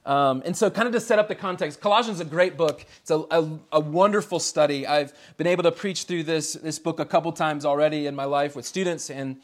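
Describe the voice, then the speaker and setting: A man in his thirties from the United States, a pastor preaching a relaxed, conversational sermon in a storytelling way, chuckling often between phrases. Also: fairly high pitch, brisk, hardly any pauses.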